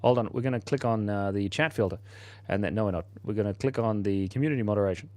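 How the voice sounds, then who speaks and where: A man's voice: on the low side, fast talker, a little mellow, no room sound. A man in his forties hosting a casual livestream, chatting playfully with viewers while he draws. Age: 40s. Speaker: livestream host.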